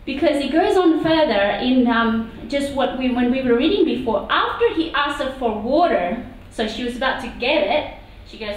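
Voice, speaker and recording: A woman preacher giving a sermon in a church meeting room, talking in an animated, conversational way with asides. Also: high-pitched, moderate pace. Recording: echoey hall from far off.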